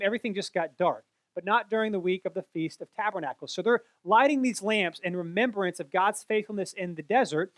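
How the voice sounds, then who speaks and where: A man's voice: sits high, a bit bright, dry recording. A man explaining a Bible passage in an earnest way, often correcting himself mid-sentence. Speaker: Bible teacher.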